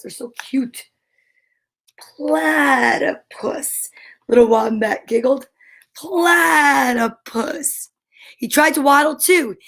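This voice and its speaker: A woman reading picture books aloud to children, gentle and encouraging, asking questions and counting along with them. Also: high voice. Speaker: children's story reader.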